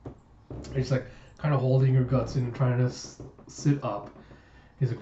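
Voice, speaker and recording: A man's voice: medium pitch, fairly even intonation, normal speed, gravelly, dark tone, roomy sound, dull audio, a little hiss or hum. A man narrating a comic book readthrough, reading the characters' dialogue aloud between chatty asides, sighs and groans.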